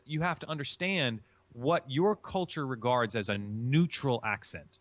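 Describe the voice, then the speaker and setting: A man's voice: mid-range voice, unhurried, hardly any pauses, dry recording. A man from Chicago, a guest in an interview, explaining voice acting in an emphatic way and repeating his key phrases. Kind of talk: instructive interview answers.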